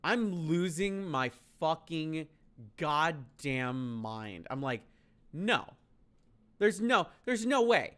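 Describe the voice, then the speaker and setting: Man streaming, casual storytelling, swearing, incredulous, lively pitch, unhurried. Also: clean tone. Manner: profane, incredulous and exasperated.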